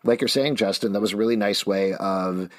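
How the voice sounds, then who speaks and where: A man hosting a casual podcast discussion, chatty and animated when quoting others. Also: lowish voice, fairly quick. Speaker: podcast host.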